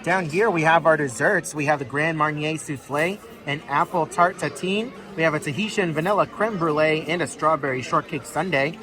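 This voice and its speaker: A man's voice: fairly high pitch, normal speed, few pauses. A man vlogging casually to camera aboard a cruise ship, chatty and upbeat, talking straight to his viewers. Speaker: cruise vlogger, channel host. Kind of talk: casual vlog narration to camera. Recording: busy ship venues with music and crowd chatter behind.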